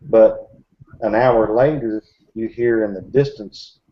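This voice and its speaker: A man's voice: on the low side, steady tone, slow. A man chatting casually in a group discussion, rambling with many fillers and restarts. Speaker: Bigfoot researcher in a group discussion. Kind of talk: casual chat. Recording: dull lo-fi recording.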